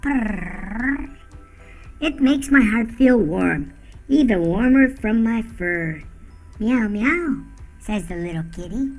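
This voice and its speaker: A woman voicing a gentle, soft-hearted cat in a kids' puppet show, speaking in slow rhymes and purring. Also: on the high side, expressive, soft background music, exaggerated voice, poor audio. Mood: tender. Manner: slow rhyming speech, purrs.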